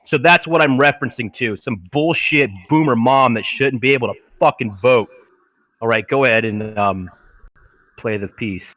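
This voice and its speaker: A man's voice: mid-range voice, moderate pace, fairly bright tone, no echo. A man hosting a podcast, ranting with heavy profanity in a casual chat. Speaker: podcast host.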